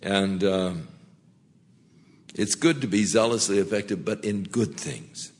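A man preaching a sermon in a slow, gentle way, with frequent small restarts. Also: fairly low pitch, steady tone. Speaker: pastor.

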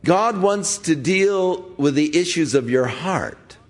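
A man's voice: a little high, expressive, slow. A middle-aged man preaching a sermon in a conversational way, reading scripture and acting out the voices of the people he quotes. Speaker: pastor.

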